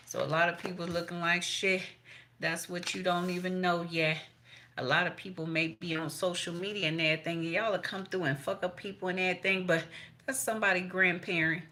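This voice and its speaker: A woman's voice: on the low side, sharp tone. Blunt, foul-mouthed woman reading tarot. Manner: profane, blunt, chatty, quotes people in voices. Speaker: tarot reader. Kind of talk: casual tarot reading to viewers.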